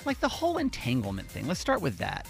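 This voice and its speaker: A man's voice: mid-range voice, huge pitch swings, quick pace, vocal fry, faint music behind. A man in his forties hosting a morning radio show, talking casually and earnestly with lots of fillers. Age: 40s. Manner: earnest, loose, many fillers.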